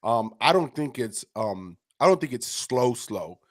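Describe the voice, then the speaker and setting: A man's voice: mid-range voice, very animated, measured pace, no room sound, clean studio sound. Hesitant man asking questions on a podcast. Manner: searching, hesitant, full of restarts. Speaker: podcast co-host. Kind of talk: casual chat.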